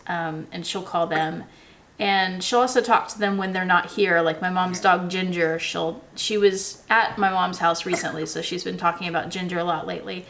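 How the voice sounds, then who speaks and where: A woman chats casually to the camera in a relaxed vlog style. Her voice sits in an ordinary middle pitch. She explains patiently with everyday examples and drops in plenty of ums. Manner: chatty and relaxed, with frequent ums and restarts. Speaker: vlogger.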